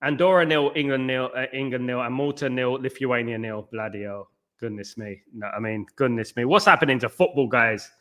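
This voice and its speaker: Hosting a late-night football watchalong from home, the man reads out viewer comments and shoots back rambling, blunt and scornful takes on the match. He talks a little fast in a mid-range voice with a sharp tone.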